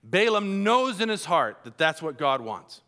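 Male preacher, animated sermon, folksy asides, bright tone, pitch a bit high. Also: a little slow.

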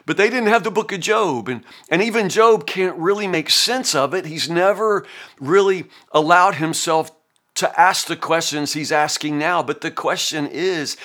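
Earnest pastor with a bright voice. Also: male voice, fairly high pitch. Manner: earnest and folksy, with frequent restarts. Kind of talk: conversational Bible teaching.

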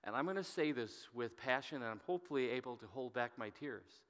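A middle-aged man preaching as a pastor, telling a story in an earnest, halting way and often dropping to a hushed voice. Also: mid-range voice, expressive. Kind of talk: sermon storytelling. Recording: long reverb from a hall.

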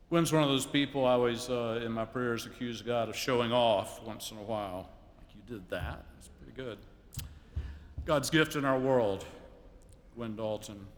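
Pastor preaching in a reverberant church. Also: male voice, mid-range voice. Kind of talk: funeral sermon and scripture reading. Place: church sanctuary. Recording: long reverb of a church hall, faint noise.

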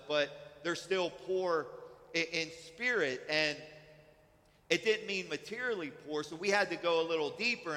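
A man's voice: fairly high pitch, sharp tone, in a large hall. A man preaching a sermon as pastor, in a conversational way with frequent restarts. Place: church sanctuary.

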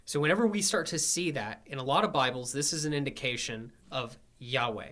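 A man's voice: mid-range voice, a little fast, sharp tone. A man leading a conversational Bible study, reading verses and explaining them with frequent checking questions. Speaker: Bible class teacher.

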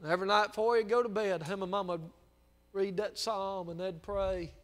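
A man from Mississippi with a Southern US accent, preaching a sermon as a pastor and telling folksy personal stories that build into fervent shouting. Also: high-pitched, fairly even intonation, fairly quick, big-room sound. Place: church sanctuary.

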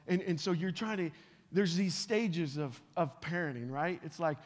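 A middle-aged male pastor with a high-pitched voice delivers a revival sermon in a large church. He swings from loud, emphatic calls to quiet, personal asides, often repeating words as he restarts a phrase. His voice rings out with a long reverb across the hall. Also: animated, normal speed. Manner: swings between loud emphatic preaching and hushed, intimate talk. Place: large church sanctuary with live audience.

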